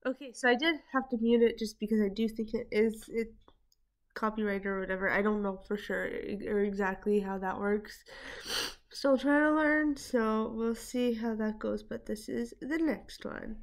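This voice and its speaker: A woman's voice: on the high side, steady tone, moderate pace. A woman hosting a reaction video, talking casually with many fillers and frequent laughter. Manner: chatty, rambling, laughs often, many fillers.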